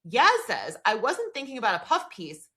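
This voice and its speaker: This female podcast co-host has a voice on the high side, with wildly swooping pitch and a bright, forceful tone at a moderate pace. Chatting casually, she recounts scenes and reads out dialogue, peppering it with "like."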